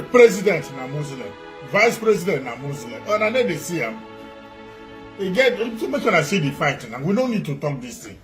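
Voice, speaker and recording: Impassioned Nigerian Pidgin-speaking activist man. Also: on the high side. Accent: Nigerian Pidgin English. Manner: emphatic, repetitive rhetorical questions. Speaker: church activist. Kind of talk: impassioned appeal to camera.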